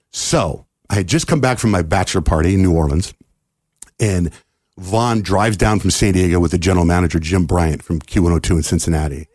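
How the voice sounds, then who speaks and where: Deep husky-voiced man telling a story. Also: no room sound, clean studio sound. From United States. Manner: animated storyteller acting out quoted dialogue. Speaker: radio host guest. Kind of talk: casual storytelling in a podcast interview.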